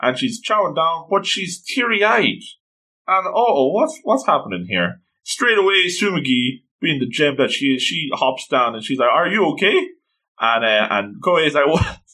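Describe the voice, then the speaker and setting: A man's voice: fairly high pitch, sing-song, normal speed, bright, forceful tone, poor audio. A man casually recapping an anime episode with enthusiastic, gushing commentary. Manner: enthusiastic, gushing, acts out quotes.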